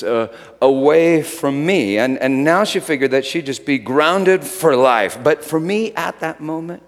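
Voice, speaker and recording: A middle-aged man preaching a sermon, moving between loud shouted lines and quiet whispers. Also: fairly low pitch. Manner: dramatic swings from shouting to hushed whispers. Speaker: pastor. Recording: long hall reverb.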